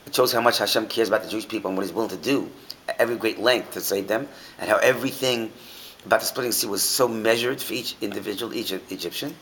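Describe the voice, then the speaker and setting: A man's voice: fairly low pitch, fast, a bit bright, slight background noise, poor audio. A man teaching an informal Torah class, asking his listeners many rhetorical questions and often restarting his sentences.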